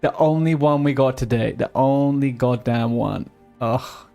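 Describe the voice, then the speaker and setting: A man's voice: mid-range voice, unhurried, creaky, dark tone, soft background music. A man streaming a video game live, chatting casually with teammates and viewers, joking and grumbling at the game. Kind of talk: casual live-stream chat while gaming.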